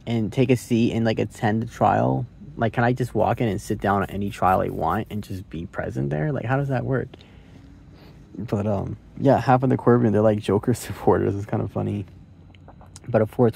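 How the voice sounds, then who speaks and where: A man's voice: lowish voice, creaky, darkish tone, a little hiss or hum. A young man reviewing a movie into his phone in a casual, rambling way, cursing freely and thinking aloud. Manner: rambling, curse-laden, thinks aloud with many likes and rights.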